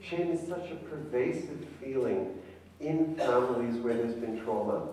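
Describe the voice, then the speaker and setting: A man's voice: mid-range voice, warm tone, far from the mic, a little hiss or hum. Man lecturing in an echoey hall. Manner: engaging, asks the audience questions. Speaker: conference speaker, family therapist. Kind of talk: conference talk. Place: conference hall.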